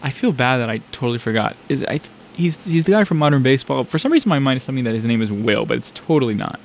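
A man's voice: medium pitch, animated, fast, creaky, a little hiss or hum. A young man from South Carolina hosting a music show, chatting in a rambling, enthusiastic way about songs he just played. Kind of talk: casual music radio chat.

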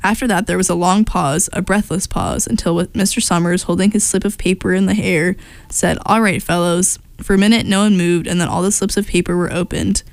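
A woman reading a short story aloud in a plain, steady way, with a few slips and restarts. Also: fairly low pitch, a little fast, creaky, dry recording. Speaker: story reader.

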